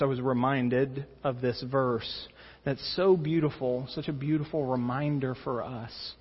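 Husky-voiced man preaching a sermon. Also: medium pitch. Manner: earnest preaching, rising with emphasis and dropping to soft intensity. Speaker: pastor. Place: church sanctuary. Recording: dull reverberant church recording.

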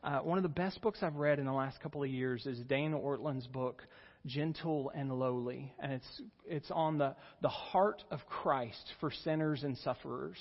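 A man preaching a sermon as pastor, earnest and rising in pitch and volume when he stresses a point. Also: normal speed, in a large hall, muffled recording. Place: church sanctuary.

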